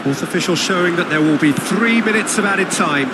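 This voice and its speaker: A man voicing a football game's play-by-play commentator, excitable, rising to big shouts on goals. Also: high-pitched, brisk, close to an everyday voice. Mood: lively. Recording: game audio with loud background noise.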